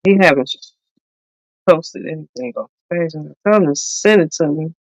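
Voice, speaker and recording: A woman co-hosting a casual chat, animated and laughing often. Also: sits low, moderate pace, vocal fry, no room sound, poor audio. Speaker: podcast co-host.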